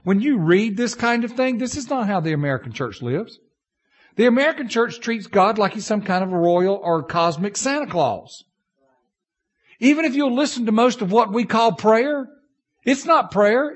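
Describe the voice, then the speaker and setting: A man preaching to his congregation in a high, very lively voice. He tells homespun stories, jumping from loud outbursts to low, confiding asides. His pitch swings freely all through the sermon. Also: moderate pace. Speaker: pastor.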